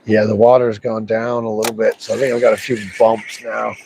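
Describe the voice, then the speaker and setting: A man's voice: on the low side, little pitch movement, fairly quick, gravelly, background noise. A man casually talking through a fishing session outdoors by a river, chatting to himself and to the fish. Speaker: fishing livestreamer. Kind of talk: casual live commentary while fishing.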